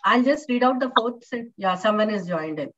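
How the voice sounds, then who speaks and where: A woman's voice: a little high, lively intonation, fairly quick, a bit bright. A woman with an Indian English accent teaching a live online university English lesson, explaining patiently with many fillers and questions to her students. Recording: distant, muffled online-class audio.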